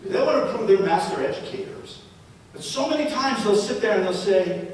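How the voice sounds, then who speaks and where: A man with a fairly high voice gives a live talk, leaning on stories and rhetorical questions. He is heard from a distance in a big, echoing hall with long reverb and a faint low rumble behind him. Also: animated, moderate pace. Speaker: presenter. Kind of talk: live public talk to parents and educators.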